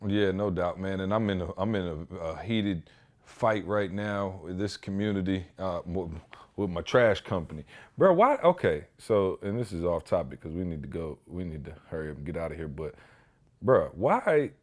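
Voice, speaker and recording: A man hosting a podcast, telling stories in casual chat with slangy, animated delivery. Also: low voice, moderate pace. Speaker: podcast host.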